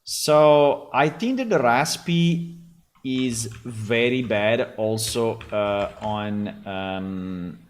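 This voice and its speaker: A man with an Italian accent talks slowly and loosely, circling back over his words as he reviews AI voices. His speech is unhurried and laid-back, with Italian as his first language. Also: mid-range voice. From Italy. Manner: rambling, repeats words, laughs often. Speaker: game developer. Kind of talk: casual commentary on AI voices.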